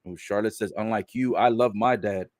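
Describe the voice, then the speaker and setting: A man giving a casual live recap of a wrestling show, relaying what is said in the ring and reacting with laughs and loud exclamations. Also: lowish voice, normal speed, no room sound, clean studio sound. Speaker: live wrestling watch-along commentator.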